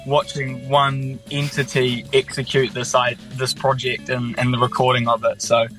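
Bright-toned New musician, chatty. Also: male voice, mid-range voice, monotone, normal speed, faint music behind, low-quality recording. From New Zealand. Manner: enthusiastic, chatty, self-deprecating. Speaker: musician, interview guest. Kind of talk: casual radio interview.

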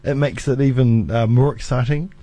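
A man with a New Zealand accent hosts a radio show in a friendly, chatty way, often laughing with his guest. His voice sits at a middle pitch, recorded in a studio. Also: steady tone, normal speed, mellow, dry recording. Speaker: radio host. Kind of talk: radio interview.

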